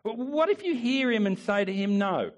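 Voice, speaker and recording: Animated, high-voiced preaching pastor. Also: male voice, moderate pace. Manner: emphatic preaching, repeats phrases, rises and drops in volume. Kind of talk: sermon.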